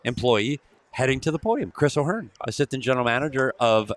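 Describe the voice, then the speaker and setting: Excitable fast-talking man, lively pitch. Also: no echo. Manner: excitable, calls people buddy. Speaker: sports podcast co-host. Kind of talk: casual live draft chat.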